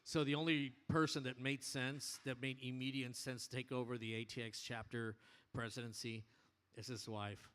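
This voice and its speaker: A man addressing his motorcycle club in a bar, telling an animated, profane story in casual speech. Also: mid-range voice, moderate pace, clear, resonant tone.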